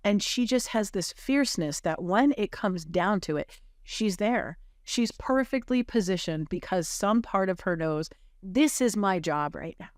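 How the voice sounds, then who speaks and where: A woman on a podcast telling a moving personal story in an earnest, halting way, with many fillers and restarts. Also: medium pitch, animated, no echo, studio quality.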